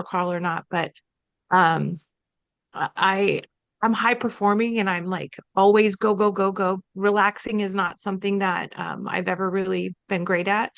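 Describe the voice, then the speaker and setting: A woman chats on a podcast, spinning a personal story with lively, animated delivery and acting out what people said. Her voice sits at an ordinary middle pitch, and the sound is close and dry with no room echo. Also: gravelly. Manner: chatty and animated, quotes herself and others in lively voices. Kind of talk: casual conversational storytelling.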